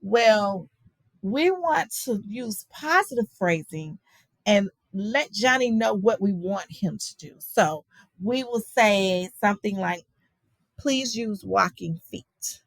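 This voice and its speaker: A woman's voice: mid-range voice, expressive, takes it slowly, no room sound, rough recording. A woman teaching a virtual class on guiding young children, talking in a conversational way with many fillers and frequent "okay?" checks. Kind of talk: virtual lecture on child guidance.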